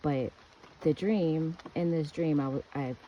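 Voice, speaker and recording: A woman's voice: deep voice, a little slow, highs cut off, slight background noise. An American woman telling an earnest, rambling personal story with restarts. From United States. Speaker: speaker giving a testimony.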